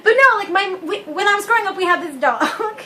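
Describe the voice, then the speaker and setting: A woman's voice: very high-pitched, fairly quick, a little hiss or hum. A young woman hosting a vlog, chatting casually and telling stories with lots of giggling. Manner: giggly, animated storytelling. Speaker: vlog host. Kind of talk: casual chat.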